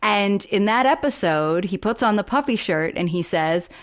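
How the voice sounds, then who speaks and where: A woman co-hosting a podcast in casual chat, lively and full of quick asides. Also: mid-range voice. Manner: chatty, animated, quick asides. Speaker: podcast co-host.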